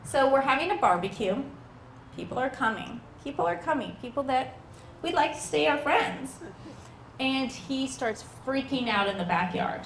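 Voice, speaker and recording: Animated woman telling stand-up stories. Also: high voice, moderate pace, roomy sound, slight background noise. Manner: animated, acts out quoted people with voice changes. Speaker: stand-up comedian. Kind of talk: stand-up comedy storytelling. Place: outdoor backyard show.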